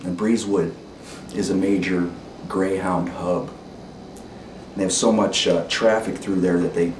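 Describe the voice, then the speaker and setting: A man telling a story in a deliberate, measured way, pausing to set the scene. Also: sits low, fairly even intonation. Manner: deliberate, careful, with pauses and ums. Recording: roomy, distant mic with noise.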